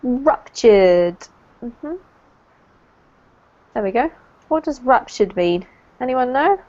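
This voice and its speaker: A British woman leads an online English lesson, correcting pronunciation slowly and kindly. Her voice sits a little high. The call audio sounds dull and lo-fi. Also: expressive, darkish tone. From United Kingdom. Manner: encouraging, explains slowly and clearly. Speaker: English teacher. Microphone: video call.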